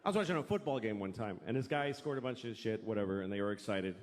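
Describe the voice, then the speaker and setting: A man performing a stand-up comedy routine in front of a live audience, animated and acting out characters as he goes. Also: lowish voice, quick pace. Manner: animated, acts out characters in voices. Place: large venue with a live audience.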